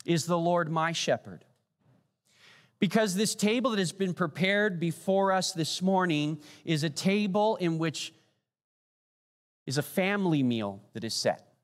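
A man preaching a communion sermon as pastor, earnest, swinging from raised declarations to hushed pleading questions. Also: high voice, expressive, measured pace. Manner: earnest preaching, rising then dropping to hushed pleas. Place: church sanctuary. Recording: long hall reverb.

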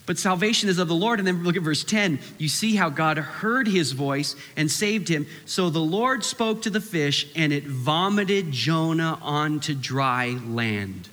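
Bright-voiced man preaching in a hall. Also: a little high, unhurried, few pauses. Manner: animated preaching, acts out quoted voices. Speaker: pastor. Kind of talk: sermon.

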